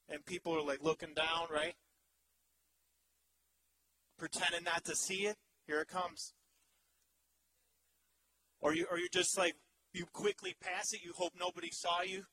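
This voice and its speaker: A male pastor in his thirties preaching a sermon in an animated, humorous way, swinging from loud to hushed. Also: on the high side, moderate pace, long pauses, slight background noise, rough recording.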